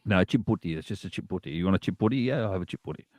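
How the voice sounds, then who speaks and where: A man's voice: deep voice, lively intonation, very fast, darkish tone, dry recording, studio quality. A man with an Australian accent, co-hosting a casual podcast chat in a playful, rambling way. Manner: playful, trails off with fillers. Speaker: podcast co-host.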